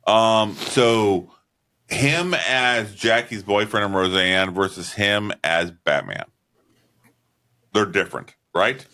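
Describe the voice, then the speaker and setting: A man's voice: on the low side, slow, pushed and bright. A man co-hosting a movie podcast, talking bluntly and swearing a lot, with plenty of "um" and "all right" as he reviews a film in casual chat. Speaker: podcast co-host.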